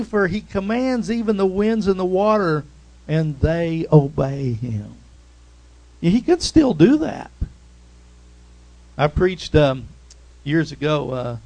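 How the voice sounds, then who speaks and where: A man preaching a sermon in an animated way, reading scripture and calling out amens. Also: fairly high pitch, creaky, poor audio.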